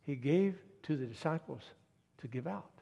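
A man delivers a sermon, moving between quiet storytelling and emphatic appeals. His voice sits a little high and has a husky edge. The sound carries a long reverb, as in a large hall. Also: expressive, moderate pace. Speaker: preacher.

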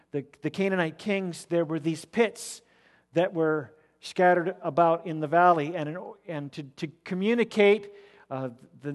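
A man preaching an expository sermon, emphatic and rising to loud declamation when he repeats words. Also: a little high. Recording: long reverb of a large hall.

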